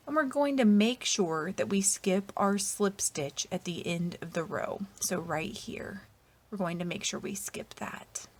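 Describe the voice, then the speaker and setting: A woman narrating a step-by-step crochet tutorial in a patient, methodical way, often trailing off softly at the ends of lines. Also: medium pitch, unhurried. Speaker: crochet instructor.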